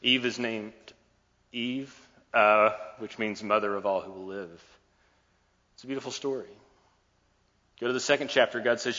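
A man's voice: fairly low pitch, moderate pace, long pauses, sharp tone. A man preaching a sermon, retelling a scripture story in a playful, joking way, recorded in a large hall with a dull sound and long echo.

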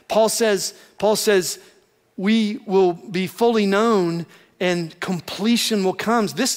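Guy preaching a sermon, high voice, earnest, hammers points with lists. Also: fairly bright tone. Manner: earnest, emphatic, with repeated rhetorical lists.

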